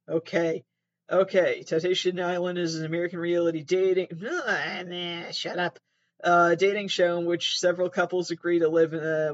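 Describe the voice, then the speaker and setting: Rambling, sarcastic high-voiced man. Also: lo-fi sound. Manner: rambling, sarcastic, self-deprecating, swears. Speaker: host. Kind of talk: casual commentary, reading aloud. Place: sitting on a mattress at home.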